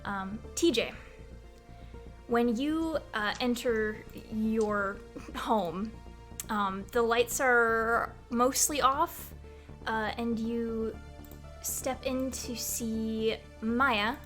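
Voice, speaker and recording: A woman's voice: a little high, extremely slow, fairly bright tone, faint music behind. A woman narrating a tabletop role-playing game as game master, in a casual way full of "like" and "um". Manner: casual, many fillers like "like" and "um".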